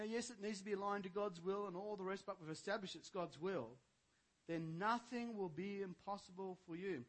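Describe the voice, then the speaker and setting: An older male pastor giving a sermon, moving between quiet conversational asides and loud, shouted preaching, with jokes and stories along the way. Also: high-pitched.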